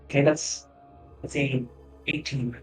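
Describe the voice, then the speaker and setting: A man's voice: medium pitch, steady tone, slow, soft background music, rough recording. A man talking casually as a player at a tabletop game, eager and joking.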